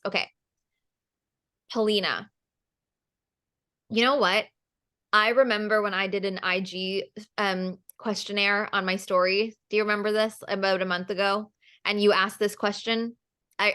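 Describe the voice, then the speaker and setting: Woman, business coach, video call, energetic, emphatic, repeats phrases. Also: medium pitch. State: emotional, near tears.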